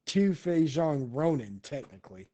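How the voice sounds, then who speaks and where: A man narrating as game master of a tabletop role-playing game in a relaxed way, laughing often. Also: a little high, measured pace. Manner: relaxed, many fillers and restarts, laughs often.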